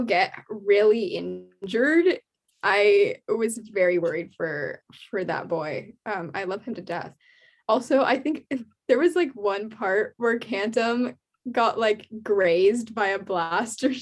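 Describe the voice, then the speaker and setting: A young woman talks excitedly in a casual chat, her voice sitting a bit high. She gushes, laughs often and fills her sentences with "like" and "um". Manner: gushing, filler-heavy, laughs often.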